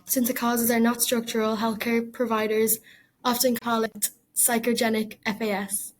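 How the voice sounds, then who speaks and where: A woman with a slightly raised pitch gives a prepared class presentation. She keeps an even, level delivery and reads through her points steadily, with a few fillers along the way. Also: moderate pace, low-quality recording. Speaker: student presenter.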